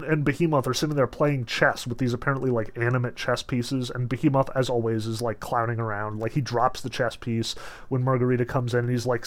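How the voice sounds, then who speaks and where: Chatty male lecturer, lots of fillers. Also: mid-range voice. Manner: chatty, many filler words and restarts; emphatic when stressing points. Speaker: literature lecturer. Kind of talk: casual lecture on a novel, reading passages aloud.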